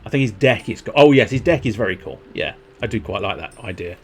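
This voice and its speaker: Guy chatting while gaming, kinda low voice, rambly, laughs at himself. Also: animated, brisk, hardly any pauses, soft background music. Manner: rambling, self-mocking, giggly. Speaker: streamer. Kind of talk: casual gameplay chat.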